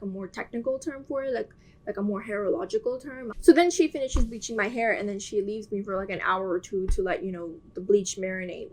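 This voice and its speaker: A young adult woman telling a casual storytime in an animated, self-mocking way, full of "like" fillers. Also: on the high side.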